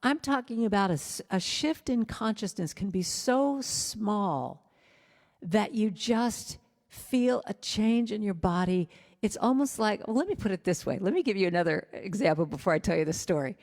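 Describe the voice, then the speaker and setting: Casual American woman preacher, mid-pitched, chatty and self-mocking, long reverb trailing her words. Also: animated, moderate pace, darkish tone. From United States. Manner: chatty, self-deprecating, many restarts. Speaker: guest speaker and musician. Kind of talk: storytelling sermon. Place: at home with a cat, speaking to a church online.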